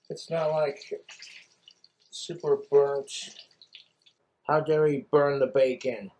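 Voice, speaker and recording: A man's voice: a little high, steady tone, slow pace, long pauses, darkish tone, a little hiss or hum, rough recording. A man talking casually to the camera while he cooks, frustrated with himself, scolding himself and swearing a lot. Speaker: cooking vlogger. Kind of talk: casual cooking vlog.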